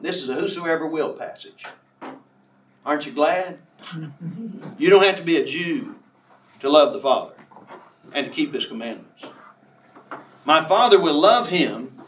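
A man preaching a sermon, emphatic, who reads scripture slowly and draws out key words. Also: a little high, a bit bright, recorded from a distance. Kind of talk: sermon on a Bible passage. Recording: echoey room from off the mic.

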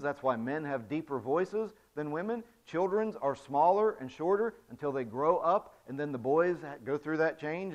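A man giving a demonstrative spoken voice lesson to a church congregation, moving from soft to loud to show his points. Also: on the high side. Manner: demonstrative, explains with physical examples, swings from soft to loud. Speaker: church music director teaching singing. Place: church sanctuary. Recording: dull lo-fi recording.

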